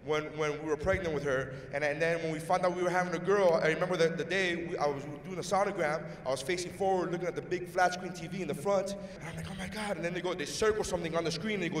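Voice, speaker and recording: A man doing a stand-up set, telling a story in an animated way and acting out the other people in it. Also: high voice. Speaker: stand-up comedian. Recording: echoey hall from far off.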